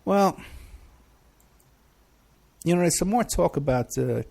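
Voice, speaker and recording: A man's voice: on the high side, animated, slow pace, vocal fry, darkish tone. A middle-aged man hosting a talk show, rambling casually through viewer questions with many hesitations. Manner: rambling, chatty, frequent hesitations. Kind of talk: casual livestream chat.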